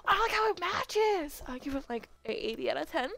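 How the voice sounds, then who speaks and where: A woman's voice: very high voice, sing-song, takes it slowly, creaky, fairly bright tone, no room sound. A woman game streamer chatting to viewers during a live stream, giggling, gasping and squealing often. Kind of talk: excited live-stream chat.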